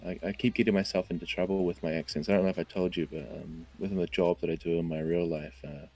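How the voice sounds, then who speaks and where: A New Zealand man with a low, mellow voice chats easily as a stream guest. He pokes fun at himself as he talks. Faint music plays behind him. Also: level tone, quick pace. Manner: self-deprecating, joking. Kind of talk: casual chat on a livestream.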